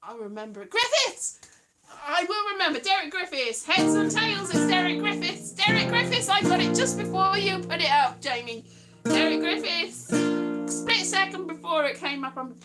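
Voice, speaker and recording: A woman hosting a casual chat, rambling and trailing off as she hunts for names, with quick asides. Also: very high voice, lively intonation, over loud music. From Wales. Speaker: podcast host.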